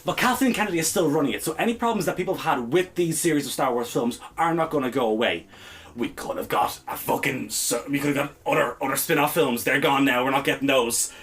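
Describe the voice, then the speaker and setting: A man's voice: medium pitch, fast talker, fairly bright tone. A man co-hosting a podcast, ranting in heated, exasperated bursts and swearing freely. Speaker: podcast co-host. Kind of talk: ranting casual chat.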